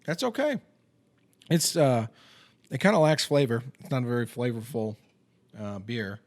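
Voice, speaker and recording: A man in his thirties hosts a casual podcast, a chatty storyteller who pokes fun at himself and scatters fillers through his talk. He speaks at a middle pitch. The recording is dry and close, with no room sound. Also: moderate pace, dry recording. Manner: chatty storyteller, self-deprecating, frequent fillers. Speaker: podcast host and financial advisor. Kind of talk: casual chat over a beer.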